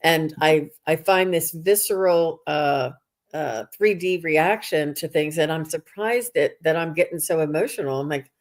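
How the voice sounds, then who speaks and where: A woman hosting a casual spiritual conversation, speaking reflectively with frequent pauses and restarts. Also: deep voice. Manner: reflective, halting with many restarts. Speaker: host.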